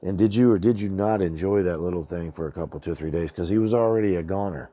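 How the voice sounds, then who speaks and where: Casting: middle-aged man, deep and mellow, loose rambling storyteller who swears a lot. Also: fast talker, dry recording, muffled recording. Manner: rambling, colloquial, swears freely, says "man" often. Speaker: channel host. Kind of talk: casual storytelling monologue.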